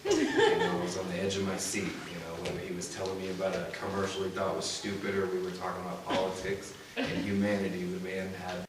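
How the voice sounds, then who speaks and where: At a funeral service hall, a young man tells stories about his grandfather in a eulogy, full of "you know"s and restarts. His low voice is completely flat and quick. The echoey hall is picked up by a distant mic, with background noise and audience laughter.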